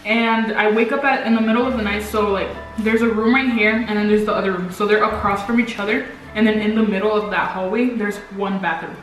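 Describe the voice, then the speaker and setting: A woman's voice: medium pitch, steady tone, fairly quick. A young woman co-hosting a vlog, telling stories casually and rambling with lots of fillers. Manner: rambling, filler-heavy, 'like' often. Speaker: vlog co-host. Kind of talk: casual storytelling chat. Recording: echoey room, mic at a distance, faint music.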